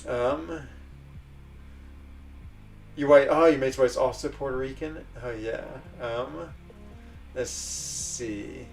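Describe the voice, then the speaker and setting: A man's voice: mid-range voice, fairly even intonation, a little slow, gravelly, a little mellow, recorded from a distance, faint music behind. A man hosting a livestream, chatting casually in a rambling way and laughing often. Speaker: livestream host.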